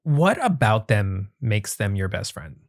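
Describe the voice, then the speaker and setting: Host: a man in his forties, earnest and tender, gently probing with questions. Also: fairly low pitch, big pitch swings, unhurried. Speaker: podcast host interviewing his husband. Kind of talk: heartfelt podcast conversation.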